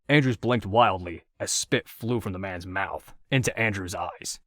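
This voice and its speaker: A male audiobook narrator with a lowish voice, reading in a steady, measured way. The sound is close and dry, with no room echo.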